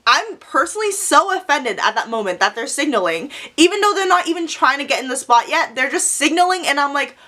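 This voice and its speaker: High, bright-voiced young woman. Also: a little fast. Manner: animated, profane, dramatic storytelling. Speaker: vlogger. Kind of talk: storytime vlog.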